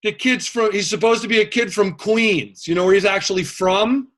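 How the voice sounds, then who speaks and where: A man's voice: sits high, moderate pace, a bit bright. A man teaching a casual history class, chatty, making joking asides and using plenty of fillers.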